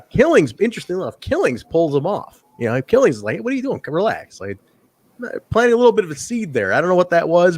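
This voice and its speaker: A man's voice: medium pitch, no echo. A man hosting a podcast, chatting enthusiastically about old wrestling shows. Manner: chatty and enthusiastic, many restarts. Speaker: podcast host. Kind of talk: casual chat reviewing old wrestling shows.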